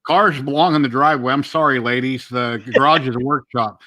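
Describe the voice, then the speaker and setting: A man's voice: mid-range voice, fairly even intonation, a little fast, pushed and bright. A man hosting a casual livestream chat, plain-spoken and opinionated. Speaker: livestream host.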